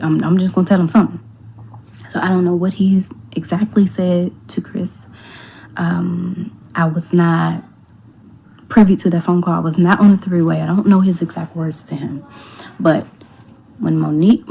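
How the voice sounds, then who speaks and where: Casting: low, gravelly woman with a dark tone, candid storyteller who swears and slips into near whispers. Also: slight background noise, poor audio. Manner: candid, quotes others, swears freely. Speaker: storyteller in a clip. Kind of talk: casual storytelling.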